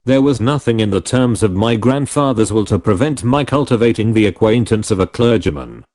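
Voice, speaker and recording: Male audiobook narrator, low voice, lively first-person reading. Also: fairly quick.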